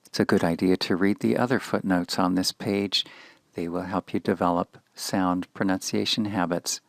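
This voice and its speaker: A low, gravelly male voice teaches Hebrew pronunciation. He is slow and deliberate, patiently naming each letter in turn. The sound is dry and close to the mic. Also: fairly even intonation, no echo. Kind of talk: slow instructional lesson.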